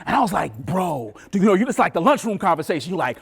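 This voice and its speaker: Male professor, late 40s, lecture with storytelling; animated, very lively intonation. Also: high-pitched, fast talker, hardly any pauses, breathy edge. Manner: animated storyteller, acts out voices, laughs. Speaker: professor giving a talk.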